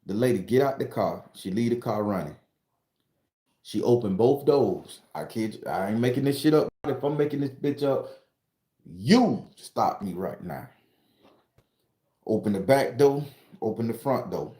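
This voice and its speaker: A man from southern Florida telling a wild personal story in a casual, profane, rambling way, climbing higher and louder as he gets worked up. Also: expressive, moderate pace, long pauses. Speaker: storytelling channel host. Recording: roomy echo.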